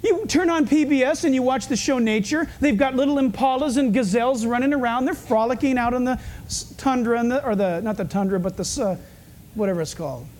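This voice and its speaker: Pastor guy preaching, jokey and lively, drops low then speeds up. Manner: animated, swings from fast urgent bursts to low hushed asides; humorous, storytelling. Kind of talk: sermon.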